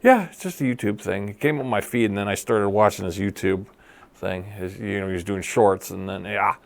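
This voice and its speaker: Gravelly rambling man podcast host. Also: lowish voice, brisk. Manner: rambling, profane, repeats himself. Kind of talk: casual banter.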